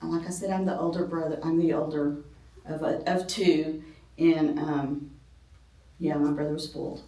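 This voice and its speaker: A woman's voice: low-pitched, steady tone, moderate pace, warm tone. A middle-aged woman leading a ladies' Bible class in a church classroom, talking conversationally with many ums and some self-deprecating humor. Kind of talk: informal Bible class talk. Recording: roomy, distant from the mic.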